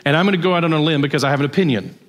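Pastor with a drawl, storytelling sermon. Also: male voice, fairly high pitch, racing. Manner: storytelling, conversational, asks the audience questions.

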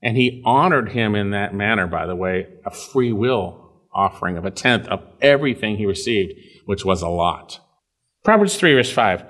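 A man's voice: fairly low pitch, animated, moderate pace, a bit bright. A man preaching a verse-by-verse Bible sermon in a conversational way, repeating phrases and checking in with his listeners.

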